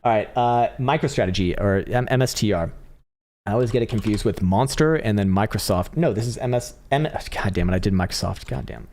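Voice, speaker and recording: Young guy doing live chart analysis, kinda low voice, talks super fast, swears a lot and laughs. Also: a little mellow. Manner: blunt and profane, with frequent laughs. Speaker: crypto trading livestream host.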